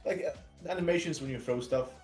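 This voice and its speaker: A man in a casual gaming podcast chat, explaining things quickly and matter-of-factly. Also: mid-range voice, a little mellow, faint music behind. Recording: roomy echo, off-mic.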